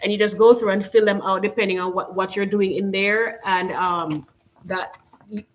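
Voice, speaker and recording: Steady in tone and moderate in pace, a medium-pitched woman from Jamaica hosts her channel's casual live stream. Her loose chat, in a Jamaican accent, leans heavily on "you know" and "like."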